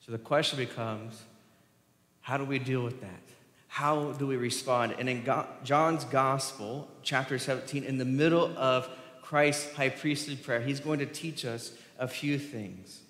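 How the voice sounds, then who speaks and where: A man preaching a sermon to his congregation, animated and asking them questions as he goes. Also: mid-range voice, unhurried. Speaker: pastor. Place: church sanctuary. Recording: echoey long reverb from a church hall.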